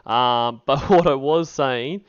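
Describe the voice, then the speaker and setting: A man hosts a stream at an unhurried pace, pausing often with ums and uhs. His voice is smooth and clear. The sound is dry and close. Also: mid-range voice, no echo, highs cut off. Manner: halting, lots of ums. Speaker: stream host. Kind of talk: casual livestream chat.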